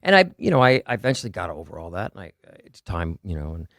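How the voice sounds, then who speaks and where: Fast-talking man telling rambling stories. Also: low voice, sing-song, fairly bright tone, no room sound, clean studio sound. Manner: rambling storyteller, swears freely. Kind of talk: casual chat.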